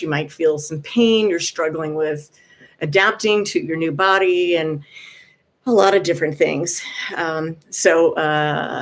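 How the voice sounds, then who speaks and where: A woman vlogger giving gentle, encouraging advice in casual talk, often pausing with "um". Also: low-pitched.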